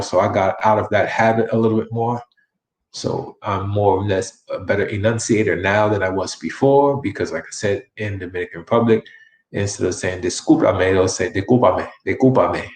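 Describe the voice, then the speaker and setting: A man teaching a Spanish lesson, speaking slowly and enunciating clearly, repeating phrases over and over. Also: lowish voice, roomy sound. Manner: slow, deliberate enunciation with many repetitions. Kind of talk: online language lesson.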